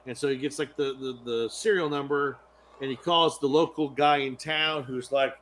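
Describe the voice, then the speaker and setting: A podcast co-host crudely recaps a TV episode in casual chat, acting out the characters' lines. His voice is medium-pitched and fairly bright, with fairly even intonation and a moderate pace.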